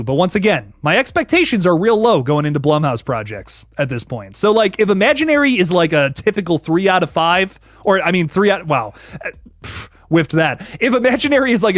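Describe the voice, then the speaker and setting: A young man hosting a casual horror livestream, slangy and animated, thanking viewers by name as he reads the chat. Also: high-pitched, no echo, studio quality. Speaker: horror channel host reading live chat.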